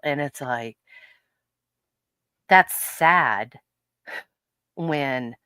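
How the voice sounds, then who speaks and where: Low-voiced woman, animated podcast co-host. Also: takes it slowly, pauses often, no room sound. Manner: animated storyteller, laughs often, acts out quotes. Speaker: podcast co-host and health coach. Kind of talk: casual podcast chat. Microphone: podcast microphone.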